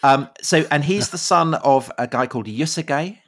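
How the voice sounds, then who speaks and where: A man co-hosting a podcast, chatting in a relaxed way, asking questions with dry humour. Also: fairly high pitch, normal speed. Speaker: podcast co-host. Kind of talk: casual podcast chat.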